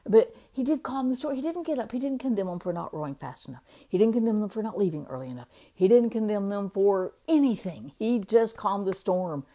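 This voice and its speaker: Woman, devotional speaker, warm mellow tone, casual and chatty. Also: mid-range voice, expressive. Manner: chatty, laughs often, reads verses slowly.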